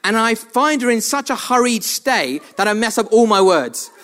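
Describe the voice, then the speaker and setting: A man's voice: high voice, moderate pace. A man preaching a sermon, telling funny stories about himself and laughing often. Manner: animated, self-mocking storytelling with frequent laughs.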